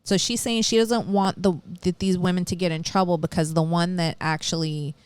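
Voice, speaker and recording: A woman's voice: fairly low pitch, steady tone, fairly quick, darkish tone, clear, resonant tone, dry recording. A woman co-hosting a podcast, casually retelling a true-crime story, acting out quotes and swearing freely. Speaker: podcast co-host.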